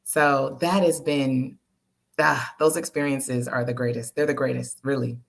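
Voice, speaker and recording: A woman's voice: very deep voice, fairly even intonation, a little slow, gravelly. A woman guest on a live-streamed interview, talking candidly and with animation, laughing easily. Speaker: guest, entertainer and producer. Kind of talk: casual interview talk.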